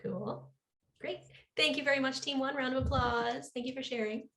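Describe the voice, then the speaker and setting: A woman's voice: high-pitched, moderate pace, a bit bright. A woman leading an online coding workshop over a video call, upbeat and encouraging. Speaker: workshop instructor.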